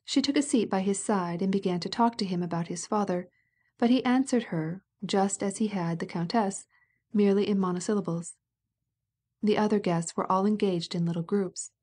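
A woman narrating a classic novel as an audiobook, in a calm, measured, even manner. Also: medium pitch, breathy edge.

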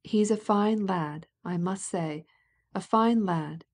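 A woman voicing a blunt, domineering fifty-year-old society matron in an audiobook, speaking gruffly and bossily. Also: medium pitch, slow pace, darkish tone. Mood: scolding. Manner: gruff, scolding and bossy.

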